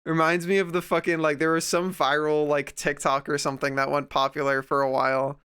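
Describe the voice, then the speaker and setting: A man's voice: a little high, level tone, fairly quick, a bit bright, clear, resonant tone. A young man streaming while drawing, chatting casually and ranting sarcastically at a desk microphone. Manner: sarcastic, ranting, mocking voices of others.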